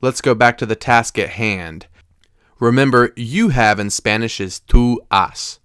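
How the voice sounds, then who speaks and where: Clear-voiced man teaching a language lesson. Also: mid-range voice, fairly bright tone, no echo, studio quality. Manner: slow, deliberate explanations with careful pronunciation. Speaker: Spanish teacher.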